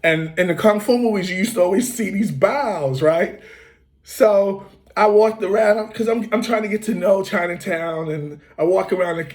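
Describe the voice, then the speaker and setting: A man from the United States hosting, telling a relaxed, rambling story full of fillers and restarts, with occasional coughs. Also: high voice, normal speed. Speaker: host. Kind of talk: casual storytelling.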